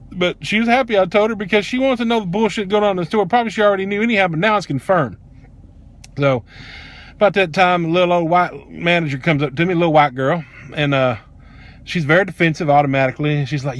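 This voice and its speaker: A man's voice: on the high side, fast talker, fairly bright tone. Blunt, profane man telling a story. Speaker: vlogger. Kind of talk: casual storytelling.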